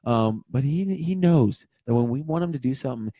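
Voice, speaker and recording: A man's voice: medium pitch, lively intonation, brisk, warm tone, dry recording, muffled recording. A man in his thirties hosting a casual livestream, rambling and joking while greeting viewers by name. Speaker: livestream host.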